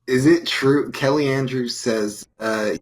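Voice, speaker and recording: On a casual live stream with poor audio, a male podcast co-host with a mid-range voice speaks slowly. He answers with short, mild exclamations such as "oh my goodness" and tells a brief spooky tale.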